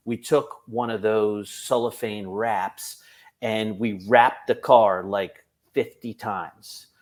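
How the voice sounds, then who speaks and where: A man, a police officer, telling a funny work story on a podcast, animated and laughing through it. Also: fairly low pitch, slow pace.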